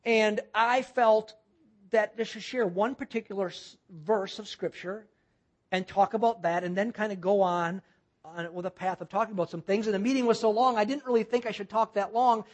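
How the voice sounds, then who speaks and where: Minister, sermon anecdote, earnest, mid pitch, restarts a lot. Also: steady tone. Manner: earnest, halting with frequent restarts. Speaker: guest minister. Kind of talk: sermon storytelling.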